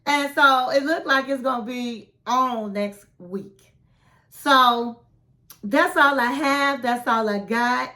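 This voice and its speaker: A woman with a fairly high voice gives a chatty recap of a reality show. She acts out each quote in an animated way. Between the quotes she adds blunt comments of her own. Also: slow pace. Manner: animated retelling, acting out quotes, chatty asides. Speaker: recap vlogger.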